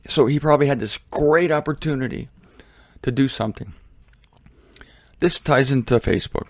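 A man gives a casual Bible teaching with animated storytelling and mocking asides. His voice is mid-pitched and the recording is dry and close. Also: normal speed, pauses often, no echo. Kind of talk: casual sermon.

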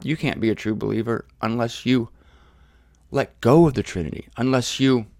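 A middle-aged man preaching an informal sermon series, conversational and animated, mimicking his critics. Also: medium pitch, normal speed, creaky, dry recording, studio quality.

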